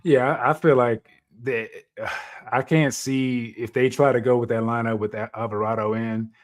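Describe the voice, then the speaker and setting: A man of middle pitch co-hosts a casual sports podcast. He talks through game strategy in long, analytical stretches and presses his point. His voice stays ordinary and plain. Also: steady tone, moderate pace. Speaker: podcast co-host.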